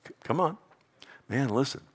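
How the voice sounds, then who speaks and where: Man preaching with swings in loudness. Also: mid-range voice, animated, moderate pace, breathy edge. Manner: preaching with sweeping swings between hushed and loud; calls out "amen" and "loved one" to the listeners. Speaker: pastor. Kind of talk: sermon.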